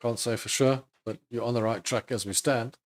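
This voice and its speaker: A man's voice: medium pitch, steady tone, normal speed. A man hosting a live trading stream, casually thinking aloud over charts and chatting with viewers. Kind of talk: live market commentary.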